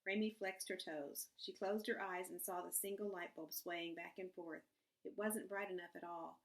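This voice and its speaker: A woman reading a children's novel aloud in a measured, expressive narration. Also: fairly low pitch, gravelly, poor audio. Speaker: audiobook narrator. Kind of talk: scripted narration.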